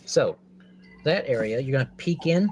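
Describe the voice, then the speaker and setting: A man running a tabletop game as game master, his pitch sitting in an ordinary middle range. He talks through the scene at a measured pace, lingering on the details. The voice is clear and dry. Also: animated, darkish tone, slight background noise. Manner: measured descriptive narration, slows on scene details.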